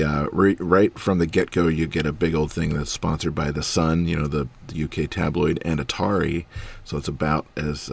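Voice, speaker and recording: Low-voiced chatty podcast host, man. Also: vocal fry, breathy edge. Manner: chatty, many ums, laughs easily. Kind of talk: casual chat.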